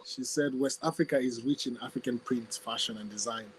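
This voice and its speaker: A man's voice: medium pitch, husky, low-quality recording. A man hosting a podcast in casual chat, effusive and full of thanks, reading out and praising listener ideas. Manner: effusive, thanks people often, quick to laugh. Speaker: podcast host.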